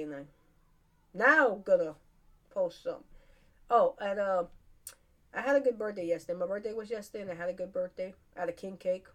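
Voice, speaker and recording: A woman hosting her podcast, chatting casually, rambling and laughing often. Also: lowish voice. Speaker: podcast host. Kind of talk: casual solo chat.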